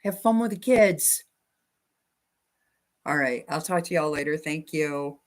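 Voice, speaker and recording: A woman's voice: low-pitched, lively intonation, unhurried. A woman hosting a casual quilting livestream from her home sewing room, chatting with viewers about their comments and talking to her dog.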